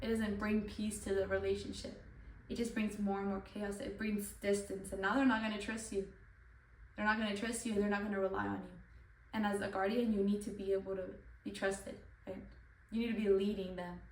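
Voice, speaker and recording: A woman's voice: mid-range voice, level tone, a little fast, recorded from a distance. Earnest young woman, echoey and off-mic. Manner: earnest, repetitive, many "like" fillers. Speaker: channel host. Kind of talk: devotional Bible talk. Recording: echoey room, voice off-mic, faint noise.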